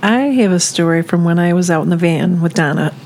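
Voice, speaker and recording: A woman who volunteers with a ministry, telling a story in a halting way, with many fillers and restarts. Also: on the low side, steady tone, creaky, a little mellow, slight background noise. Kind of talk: casual storytelling chat.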